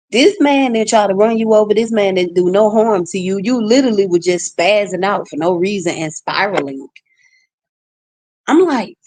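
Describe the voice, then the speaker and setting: A woman's voice: medium pitch, a little mellow, no echo. A woman vlogger in a casual ranting monologue to her viewers, blunt and outspoken.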